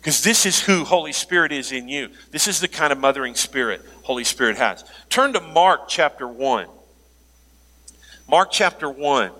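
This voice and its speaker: A man preaching a sermon as pastor, animated, joking aside and laughing now and then. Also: a little high, normal speed. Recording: long hall reverb.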